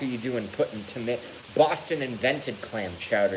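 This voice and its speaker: A man vlogging to his channel in a casual rant, animated and theatrical, swearing freely. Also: mid-range voice, moderate pace, noisy background. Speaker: YouTube vlogger.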